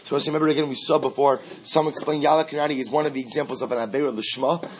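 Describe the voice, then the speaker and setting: A man's voice: mid-range voice, steady tone, very fast, slight background noise. A man teaching a Talmud class, reading out Aramaic phrases and translating them in a conversational way, often restarting. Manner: reads Aramaic and translates line by line, conversational asides.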